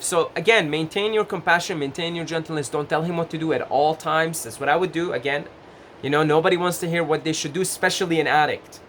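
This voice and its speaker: A man giving gentle, casual advice straight to the camera, full of fillers and restarts. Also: fairly high pitch, fast, a little hiss or hum. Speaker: advice vlogger.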